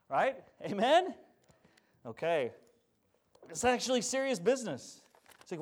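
A male pastor in full sermon, his fairly high voice rising to forceful urgency before dropping to quiet earnestness. He keeps pulling the congregation in with calls for a response. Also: sing-song, normal speed. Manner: passionate preaching, swings from loud urgency to quiet earnest tones.

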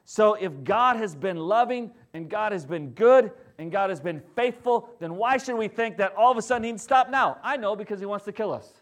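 A man, a pastor, preaching a sermon in a conversational way, often checking in with his listeners and swinging between loud emphasis and quiet, low stresses. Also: lively intonation, moderate pace, hardly any pauses.

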